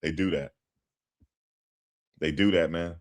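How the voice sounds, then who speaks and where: A man doing casual commentary on a livestream. He talks in an animated, slangy way and repeats himself for emphasis. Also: low voice, slow pace.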